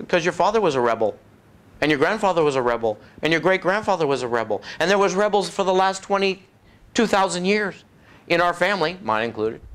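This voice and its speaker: A man preaching, telling his own testimony as animated storytelling with frequent chuckles. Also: a little high. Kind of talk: testimony sermon.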